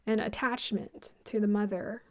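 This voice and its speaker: A woman talking casually as the host of her own channel, retelling a story in a loose, rambling way. She jumps into short quoted lines as she goes. Her voice sits at an ordinary middle pitch. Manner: rambling, animated retelling with quick quoted asides. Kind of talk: casual spoken film retelling.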